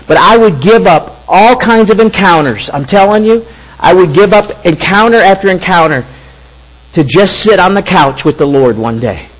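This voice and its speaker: A middle-aged man preaching a storytelling sermon in an animated, halting way with frequent restarts. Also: high-pitched, low-quality recording.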